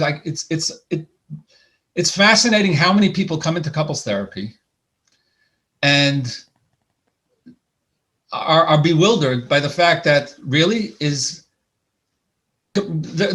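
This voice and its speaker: A man's voice: fairly high pitch, fairly bright tone. Man lecturing with many restarts. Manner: conversational with frequent restarts and repeated words. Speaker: couples therapist. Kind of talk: lecture presentation. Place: lecture hall.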